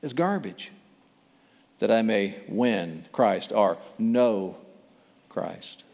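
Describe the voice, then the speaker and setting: A man's voice: fairly low pitch, expressive, extremely slow, vocal fry, darkish tone, voice pushed down, heavily acted. A man voicing a proud, fervent male apostle who boasts about his pedigree. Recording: long hall reverb.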